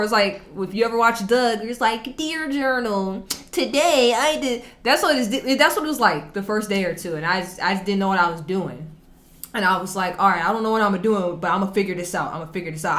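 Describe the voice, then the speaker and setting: Woman doing a reaction vid, laid back and slangy, bright forward voice, regular pitch. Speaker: reaction video host. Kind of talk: casual reaction commentary.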